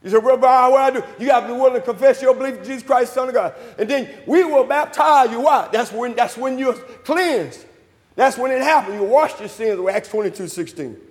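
A man preaching a sermon in call-and-response style, asking questions and answering them himself, swinging between shouts and low murmurs in a church. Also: lively intonation, a little fast. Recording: hall reverb.

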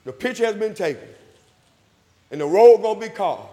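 Booming high-voiced preacher in a church hall. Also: male voice, lively intonation, a little fast. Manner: call-and-response, repeats phrases, rises to loud emphatic peaks. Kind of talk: sermon with invitation call.

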